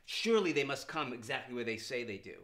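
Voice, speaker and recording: Composer explaining at a piano. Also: male voice, medium pitch, very animated, quick pace. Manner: explains by singing and speaking lines from the score. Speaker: composer explaining his score. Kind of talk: informal music lesson on performance. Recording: roomy sound with loud piano playing.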